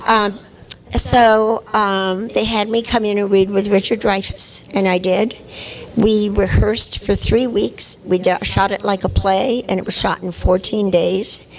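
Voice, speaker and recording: An older actress at a convention panel, telling chatty, anecdotal stories and laughing often. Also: female voice, medium pitch, fairly even intonation, unhurried, rough recording.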